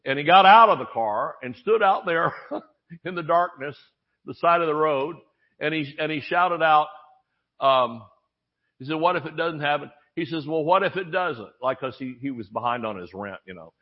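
A pastor delivers a sermon at a normal pace, telling lively stories, acting out voices and slipping in jokes. His voice sits a little high for a man, and the audio is dull and lo-fi, like archived church recordings.

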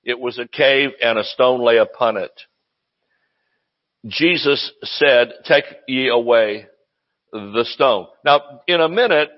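A man's voice: mid-range voice, dull audio. A man preaching a sermon, reading scripture aloud and stopping to comment and chuckle. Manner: reads scripture aloud and breaks in with comments and laughs. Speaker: pastor.

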